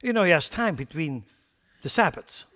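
A man preaching a sermon emphatically, swinging between loud declarations and quiet asides, blunt and scornful toward foolish ideas. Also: a little high, very animated, moderate pace.

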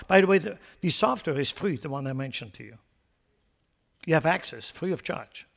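A male pastor preaching a sermon, animated and putting questions to his congregation. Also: high voice, in a large hall.

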